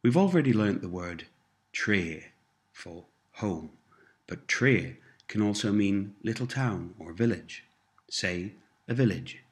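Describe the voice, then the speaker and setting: Slow, low-voiced man teaching a language. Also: lively intonation. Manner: patient, repetitive prompts with careful explanations. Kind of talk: scripted language lesson drills.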